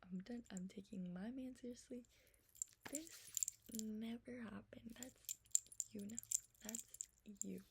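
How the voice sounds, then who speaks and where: Amid a noisy background, a young woman with a slightly high, gravelly voice tells a storytime vlog about a texting argument. Her delivery is quick, profane, and exasperated, swinging from loud venting to whispered asides.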